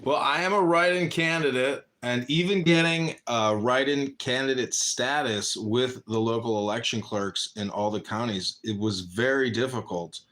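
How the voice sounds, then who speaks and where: A man's voice: medium pitch, normal speed, few pauses, fairly bright tone. A man from Chicago, a write-in political candidate, explaining his campaign earnestly. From Chicago, Illinois. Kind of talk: casual talk about his campaign.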